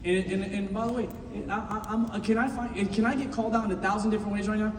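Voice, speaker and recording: Guy giving a fired-up motivational talk, shouts then goes quiet, big echoey hall, long reverb. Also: high voice, fairly even intonation, quick pace, slight background noise. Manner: impassioned, swings from shouting to hushed. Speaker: business team leader speaking to recruits. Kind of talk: motivational speech. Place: large meeting room with an audience. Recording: echoey hall, mic far off.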